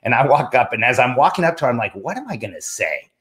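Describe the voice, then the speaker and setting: A man's voice: medium pitch, fast talker. A middle-aged man casually telling a personal story, animatedly quoting himself and others along the way. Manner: animated anecdote teller, quoting himself in rising voice.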